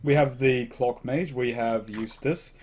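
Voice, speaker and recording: A man's voice: medium pitch, a little slow, darkish tone, husky. A man playing a tabletop game, talking brashly and defiantly in character. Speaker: player.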